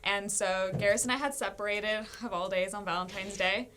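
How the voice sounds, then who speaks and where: A woman guest telling a personal faith testimony in a lively, storytelling way, often laughing and acting out what people said. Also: mid-range voice, fairly quick, slight background noise. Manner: animated storytelling with frequent laughs and acted-out quotes. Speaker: guest sharing her testimony.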